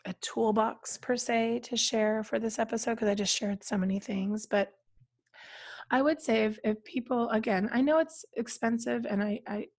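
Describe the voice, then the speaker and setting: A woman co-hosting a casual podcast chat, her voice scratchy and hoarse from a cold, talking in trailing restarts. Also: a little high, fairly even intonation, normal speed, a little mellow. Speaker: podcast co-host.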